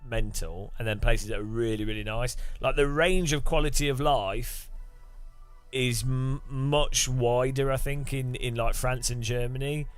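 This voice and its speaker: A young man talks loosely as he plays, circling his point with lots of filler words. His voice sits at an ordinary middle pitch. Faint music plays underneath. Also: fairly even intonation, unhurried, clear, resonant tone. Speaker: streamer. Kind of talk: casual chat while gaming.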